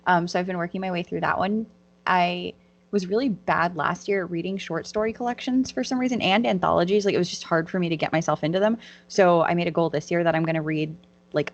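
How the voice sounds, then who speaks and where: Woman, fast and animated, casual podcast chat. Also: lowish voice, lo-fi sound. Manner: fast-talking and animated, acting out quoted dialogue. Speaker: podcast co-host.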